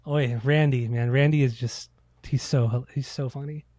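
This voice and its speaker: A man's voice: medium pitch, steady tone, moderate pace, warm tone, no room sound. A man co-hosting a casual podcast, telling loose, profane stories and acting out quotes. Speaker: podcast co-host. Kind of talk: casual chat.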